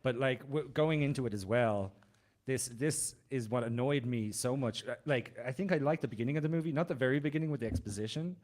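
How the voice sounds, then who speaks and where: A man's voice: mid-range voice, brisk, darkish tone. A man co-hosting a podcast, casually criticizing a film in an exasperated way. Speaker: podcast co-host.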